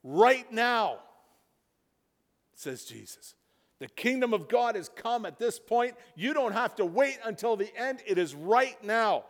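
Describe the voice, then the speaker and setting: A man preaching a sermon, retelling a story, dropping to a hush and then building to loud emphasis. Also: sits high, lively intonation, measured pace. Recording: reverberant hall.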